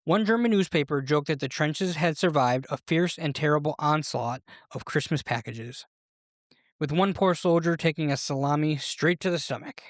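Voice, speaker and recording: Here a podcaster recounts history at a normal speed and middle pitch, full of playful, animated flair. Though the delivery feels scripted, it stays lively, and the audio is close and dry with no echo from the room.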